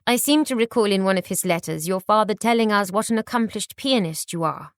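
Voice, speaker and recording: Storybook role: woman voicing a poised, kindly aunt, polite and calm. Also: mid-range voice, brisk, dry recording, clean studio sound, close to an everyday voice. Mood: coaxing.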